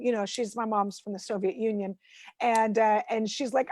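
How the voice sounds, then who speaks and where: A woman's voice: a little high, fairly even intonation, fairly quick, a little mellow, no echo. A woman comedian doing a chatty, self-deprecating stand-up set from home over a video call.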